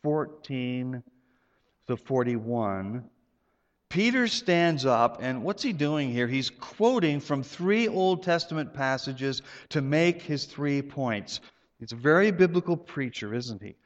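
A man preaching a sermon in church, telling stories with playful asides and an animated delivery. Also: medium pitch, takes it slowly, highs cut off. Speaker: pastor. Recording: long hall reverb.

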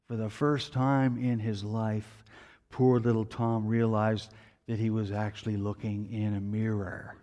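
A male pastor delivers a storytelling sermon at a mid-range pitch. He builds to emphatic, raised peaks, then sinks to hushed, low appeals. His voice rings out with the long reverb of a church hall.

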